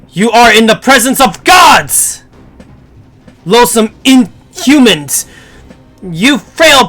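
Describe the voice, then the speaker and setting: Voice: bright, forceful tone, exaggerated voice. A streamer doing a haughty human-hating god. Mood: contemptuous. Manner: haughty, booming, drawn-out proclamations. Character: arrogant male god who despises humans. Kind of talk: reading a game script aloud on stream.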